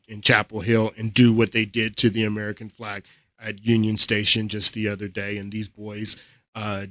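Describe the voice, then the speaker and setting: A man hosts a political commentary show, talking emphatically and straight to his audience with the occasional incredulous laugh. His voice is bright and forward at a middle pitch. The sound is dry and close, with no room around it. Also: no room sound. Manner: emphatic, addresses viewers directly, laughs in disbelief.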